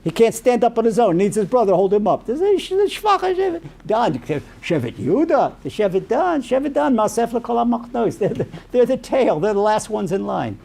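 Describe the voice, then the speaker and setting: A man as a rabbi giving a storytelling sermon, animated and peppered with Yiddish and Hebrew terms. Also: high voice, brisk, vocal fry, few pauses.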